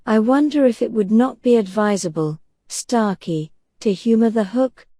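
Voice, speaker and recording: A woman voicing a menacing male pirate captain in a soft bedtime audiobook reading, with a purring, courteous menace. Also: fairly high pitch, moderate pace, no room sound, studio quality. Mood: silky menace.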